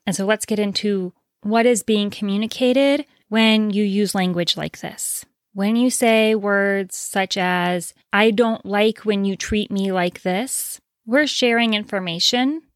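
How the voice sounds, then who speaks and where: A woman's voice: mid-range voice, measured pace, hardly any pauses, no echo. Direct woman giving advice, dry sound. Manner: direct, explanatory, rhetorical questions. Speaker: podcast host. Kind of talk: solo advice talk.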